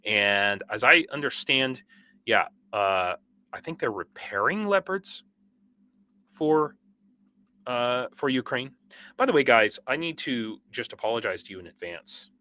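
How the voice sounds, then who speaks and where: A young man reads viewer comments on a casual livestream, his bright, forward voice at medium pitch, sing-song and a little slow. Exhausted from a sleepless night and wired on coffee, he rambles haltingly with restarts, fillers, and brief laughs.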